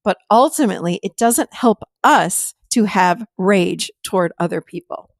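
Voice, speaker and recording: A middle-aged woman talks in a relaxed podcast chat, her voice sitting at an ordinary middle pitch. She tells her stories with animation and slips into laughter now and then. The sound is dry and close, with no room around it. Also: unhurried, creaky, dry recording. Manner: animated storytelling, laughs while talking. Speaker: podcast host and therapist. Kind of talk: casual chat.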